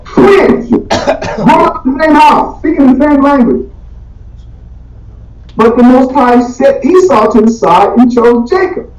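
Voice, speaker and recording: High-voiced man teaching a Bible class. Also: unhurried, long pauses. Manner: animated, slangy, rhetorical questions. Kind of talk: casual teaching Q&A. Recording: echoey, distant, dull room recording.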